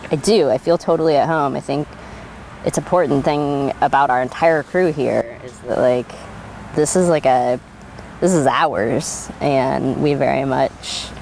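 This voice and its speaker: Low-voiced woman telling stories, laughing often. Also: slight background noise. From Oregon. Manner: animated, laughs often, many fillers. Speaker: winery worker being interviewed. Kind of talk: oral history interview, casual storytelling.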